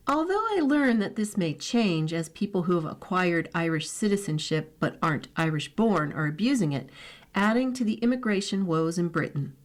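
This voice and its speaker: Woman reading newspaper opinion aloud. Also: on the low side. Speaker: radio reading service volunteer reader.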